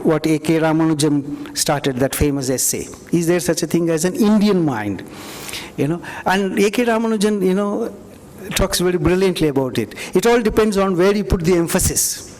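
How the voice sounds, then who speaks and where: A man's voice: sits high, a little mellow. A man giving a university lecture, reflective and conversational, often saying "you know". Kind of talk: university lecture with audience questions. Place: lecture hall. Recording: reverberant hall.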